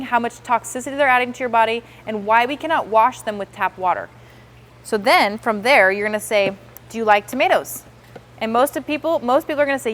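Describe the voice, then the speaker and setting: A woman's voice: on the high side, fairly bright tone. A woman giving a sales training demonstration, enthusiastic and coaching, acting out how customers react.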